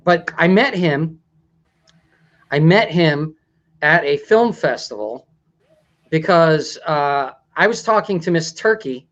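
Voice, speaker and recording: A man's voice: on the high side, fairly bright tone, muffled recording. A man hosting a talk show, chatting in a rambling way and laughing often. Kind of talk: casual talk show chat.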